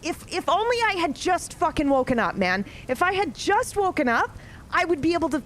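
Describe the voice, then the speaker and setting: A woman in her thirties telling a story from her own life in a casual, animated way, swearing freely. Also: extremely high pitch, brisk, slight background noise. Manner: animated, swears freely, grows more excited. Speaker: streamer.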